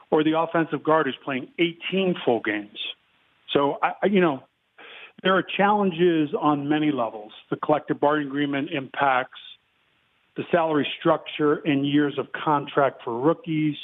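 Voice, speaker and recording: A man in his fifties, a guest giving measured football analysis and clearing his throat often. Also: a little high. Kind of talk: casual phone interview. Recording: tinny phone line.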